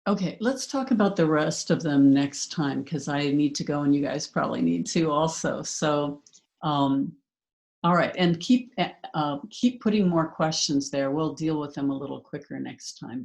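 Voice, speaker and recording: A woman teaching a hypnotherapy class over a video call, talking fast and casually with many fillers and restarts. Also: deep voice, vocal fry, a little mellow. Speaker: hypnotherapy instructor. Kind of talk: casual online class talk.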